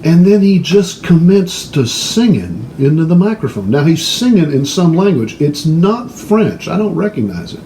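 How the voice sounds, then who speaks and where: A man telling a long story in a casual, animated way, hosting his own show. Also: on the high side, normal speed, few pauses, roomy sound, slight background noise, rough recording.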